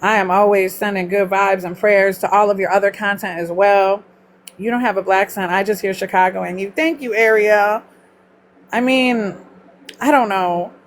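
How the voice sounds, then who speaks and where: A woman's voice: mid-range voice, steady tone, moderate pace. Blunt Southern woman chatting on a livestream. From Mississippi. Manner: blunt, swears freely, chatty. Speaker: livestream host. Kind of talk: casual live chat with viewers.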